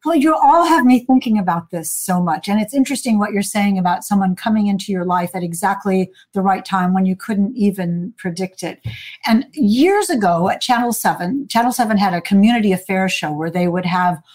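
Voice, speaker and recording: A lively woman telling a story on a video call. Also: mid-range voice, fairly quick. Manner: lively, acts out quoted voices. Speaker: guest author. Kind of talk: storytelling in a casual chat.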